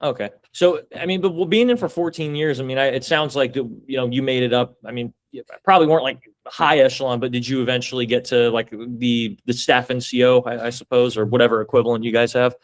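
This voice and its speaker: A man's voice: medium pitch, fairly even intonation, fast, no room sound. A man hosting a podcast, asking rambling questions full of restarts and fillers. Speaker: podcast host. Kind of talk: casual interview chat.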